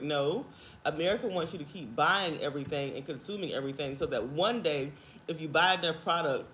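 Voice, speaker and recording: Animated chatty woman in an echoey room. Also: low voice, normal speed, slight background noise. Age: 30s. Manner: animated, chatty, laughs often, calls viewers girl and honey. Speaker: vlogger. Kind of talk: casual chat to camera. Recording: echoey room with faint ambience.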